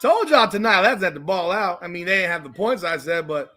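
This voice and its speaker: High, animated man ranting profanely. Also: a little fast. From South Florida. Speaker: podcast host. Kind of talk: live watch-party commentary.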